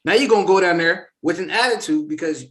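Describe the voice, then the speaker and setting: A man's voice: sits high, fast talker. A man hosting a casual reaction discussion, talking emphatically and acting out quotes. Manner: animated, emphatic, acts out quotes. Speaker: host.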